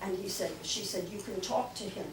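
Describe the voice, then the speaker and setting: An older woman giving a lively storytelling talk to a club, acting out the voices she quotes. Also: mid-range voice, fairly quick, noisy background. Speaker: guest speaker. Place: club meeting room. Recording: echoey room, mic from far off.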